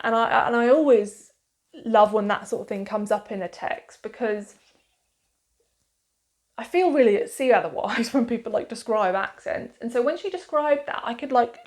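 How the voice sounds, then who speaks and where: A woman with a Suffolk accent talking casually to camera as a book reviewer, chatty and enthusiastic, with lots of fillers and restarts. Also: a little high.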